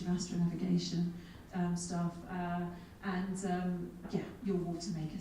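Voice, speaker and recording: A woman's voice: on the low side, a little hiss or hum. Woman telling funny stories in an echoey hall. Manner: lively, self-mocking storyteller with comic asides. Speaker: keynote speaker. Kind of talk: humorous keynote storytelling. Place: large conference hall. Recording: echoey hall, speaker far from mic.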